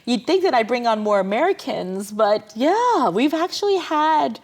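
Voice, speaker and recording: A woman's voice: fairly high pitch, sing-song, normal speed. A woman hosting a TV talk show, chatty and playful as she interviews a guest. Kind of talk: broadcast interview.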